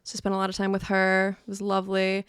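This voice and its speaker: A woman's voice: mid-range voice, completely flat delivery, fast talker, clear, resonant tone, no echo, clean studio sound. A woman from Florida co-hosting a podcast in casual chat, playful and teasing, laughing easily. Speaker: podcast co-host. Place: podcast studio.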